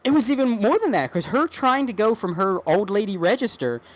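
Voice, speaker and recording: Woman, podcast co-host, casual chat, rambling, swears, very lively pitch. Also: fairly quick, no room sound. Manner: rambling, animated, swearing, many restarts.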